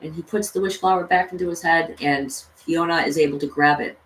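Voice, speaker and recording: A woman's voice: deep voice, steady tone, a little fast, fairly bright tone. A woman vlogger casually retelling a cartoon story, rambling with lots of fillers. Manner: rambling, full of "you know" and "like". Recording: echoey room, distant mic, faint noise.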